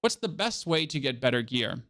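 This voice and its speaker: A man's voice: medium pitch, sing-song, normal speed, sharp tone. A German man, a native German speaker, chatting casually on his live stream, rambling, repeating words and swearing now and then. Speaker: game streamer.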